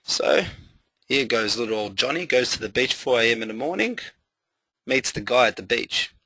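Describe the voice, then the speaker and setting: Punchy man pitching motivation. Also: moderate pace, breathy edge, dry recording, poor audio. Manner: energetic, motivational, repeats phrases for emphasis. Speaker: trading webinar presenter. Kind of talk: live webinar talk.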